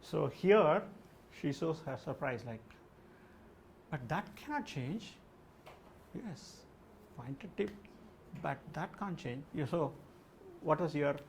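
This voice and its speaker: A language test trainer teaches an English test class live, explaining answers and peppering them with "like" and "okay" while putting questions to the class. His voice is a little high, expressive, slow and creaky, with slight background noise.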